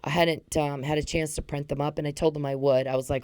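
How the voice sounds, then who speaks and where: A woman's voice: deep voice, flat delivery, quick pace, a little mellow, smooth, no echo. A woman hosting a podcast, telling a rambling, heated story at speed and swearing freely. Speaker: podcast host. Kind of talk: casual monologue.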